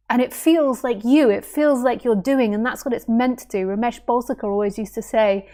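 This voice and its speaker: A woman teaching non-duality in a spontaneous spiritual talk, playful and animated, musing aloud with rhetorical questions and little acted-out voices. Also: on the high side, normal speed.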